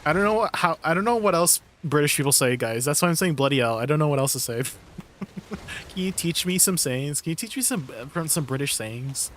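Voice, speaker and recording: A man live-streaming, chatting casually with his viewers, playful and quick to laugh. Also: fairly high pitch, animated, a bit bright, slight background noise. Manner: playful, laughs often, talks to chat.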